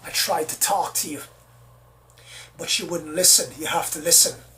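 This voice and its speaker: A speaker voicing a reptilian man disguised as a human, who gives a hushed, knowing warning. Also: mid-range voice, steady tone, normal speed, lightly acted. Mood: cryptic.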